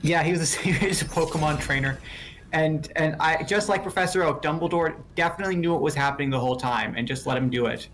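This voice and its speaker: A man's voice: on the high side, quick pace, a bit bright, a little hiss or hum. A man in casual chat who rambles, corrects himself mid-sentence and laughs often.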